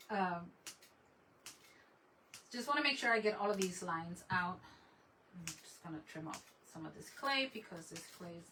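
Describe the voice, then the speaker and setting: She has a lowish, expressive voice with a sharp tone, speaking a little slowly and leaving long pauses. As host of a craft livestream, she greets viewers in Spanish, chats casually, laughs frequently, and lets sentences trail off. She sounds a bit far from the mic, and faint room noise can be heard.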